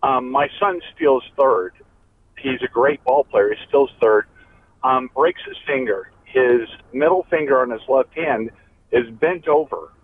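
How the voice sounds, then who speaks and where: A man's voice: medium pitch, a little slow. A man calling in to a radio show, passionate and emphatic. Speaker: caller. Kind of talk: phone call-in. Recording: tinny phone line with faint noise.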